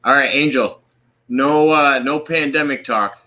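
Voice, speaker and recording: Bright-voiced man hosting a live stream. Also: mid-range voice, unhurried. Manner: friendly, reads out viewer comments. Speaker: host of a live stream show. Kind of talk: casual chat.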